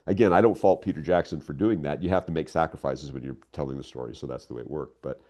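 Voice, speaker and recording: A man's voice: a bass voice, fast. An older man speaking as a guest writer in a casual interview, telling stories with enthusiasm. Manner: enthusiastic, animated storytelling.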